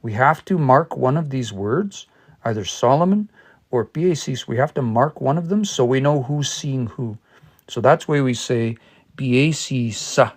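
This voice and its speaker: A man's voice: medium pitch, normal speed. A man leading a casual livestream language lesson. He thinks aloud and spells words out letter by letter while patiently working through examples. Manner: explains patiently with worked examples. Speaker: language learner teaching a livestream study session.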